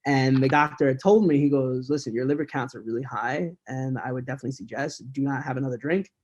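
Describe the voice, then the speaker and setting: A man in his thirties, talking candidly as a podcast guest, with a pitch that sits mid-range for a man. He tells his story at a quick conversational pace and laughs now and then. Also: darkish tone, lo-fi sound.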